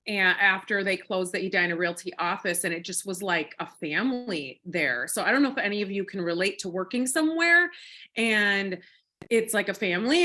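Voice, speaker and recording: A woman's voice: medium pitch, sharp tone. A woman in her forties from Minnesota with a Minnesotan accent, telling her story in a bubbly, chatty way with many fillers and giggles. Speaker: guest speaker. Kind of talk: casual storytelling on a team call.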